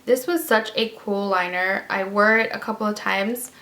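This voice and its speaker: A beauty vlogger gives a casual, chatty product review in a mid-range voice that's level and sharp, at a moderate pace. She uses lots of fillers and emphatic repeats, and the recording has a roomy echo.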